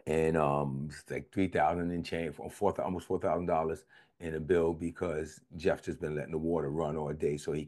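A man with a fairly low voice preaches a sermon. His delivery is conversational and vernacular, with repeated phrases. He swings between loud, high exclamations and quiet, confiding lows.

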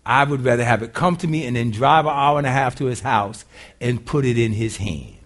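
An older man preaches in a church, spinning a folksy story with lively delivery and lots of laughter. His pitch is medium and his pace brisk.

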